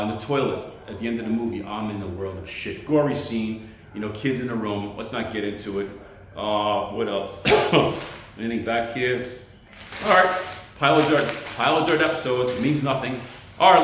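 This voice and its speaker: A man's voice: mid-range voice, fairly bright tone. A man doing a rambling, self-deprecating stand-up monologue as an amateur comedian. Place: outdoors on a pile of dirt. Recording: very echoey spot.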